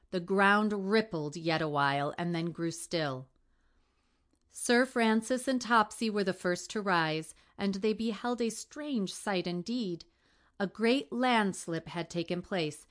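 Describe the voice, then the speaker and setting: A woman's voice: mid-range voice, a bit bright. Woman reading an adventure novel aloud. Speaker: audiobook reader. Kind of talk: scripted narration.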